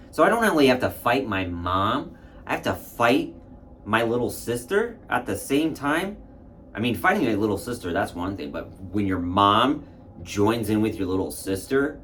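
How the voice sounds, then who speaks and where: A man's voice: fairly low pitch, a bit bright, slight background noise. A man casually telling a candid, reflective personal story and acting out his own past thoughts. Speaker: spiritual content creator.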